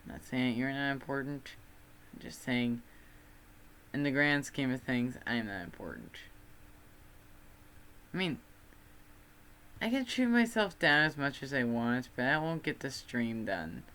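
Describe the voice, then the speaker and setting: A man's voice: mid-range voice, bright, forceful tone, clear, resonant tone. A young man from Texas with a Texan accent, chatting casually on a livestream in a rambling, self-deprecating way. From Texas, USA. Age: student.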